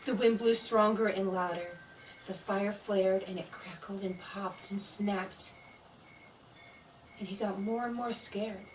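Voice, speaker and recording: A woman reading a scary story aloud in a slow, dramatic way, voicing the sound effects herself. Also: mid-range voice, fairly even intonation, far from the mic, a little hiss or hum, low-quality recording. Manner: slow spooky delivery with voiced sound effects.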